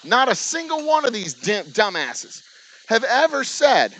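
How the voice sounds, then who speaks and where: The Texan distillery owner's voice is extremely high, pushed and bright, with big pitch swings, though he takes his time. He rants sarcastically to camera on his channel, full of swearing and mocking imitations, in a dry, low-quality recording.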